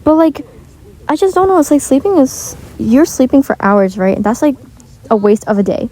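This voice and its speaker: Very animated, a teenage girl with a high-pitched, mellow voice rambles at a moderate pace while gaming, full of filler words. She's a gaming vlogger, and the rough recording comes from wireless earbuds in a shared bedroom.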